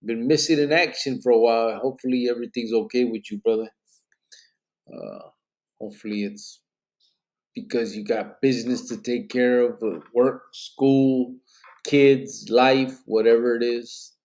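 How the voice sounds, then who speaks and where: A man's voice: medium pitch, fairly even intonation, unhurried, a little mellow. A man hosting a live podcast, reading out chat comments in a loose, rambling way with bits of Spanish slang, sounding tired and yawning. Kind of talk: casual live-stream chat.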